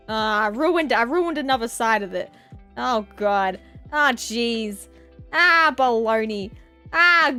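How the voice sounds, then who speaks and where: Young woman artist-streamer, high-pitched and giggly, playful melodramatic chatter. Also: pushed and bright. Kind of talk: casual stream chat while drawing.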